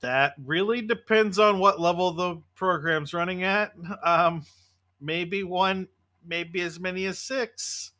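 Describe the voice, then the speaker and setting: A man's voice: high-pitched, slow pace, sharp tone. A man running a tabletop role-playing game, explaining the rules and narrating the action vividly. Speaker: game master.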